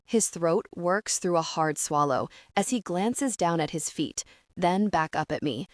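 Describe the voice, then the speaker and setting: A woman's voice: lowish voice, lively intonation, moderate pace, dry recording, clean studio sound. A woman narrating a first-person romance audiobook with emotional intensity.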